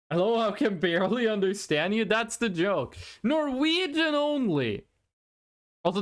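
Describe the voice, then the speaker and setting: A streamer in a casual live-stream chat, rambling and excitable and often repeating words. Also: medium pitch.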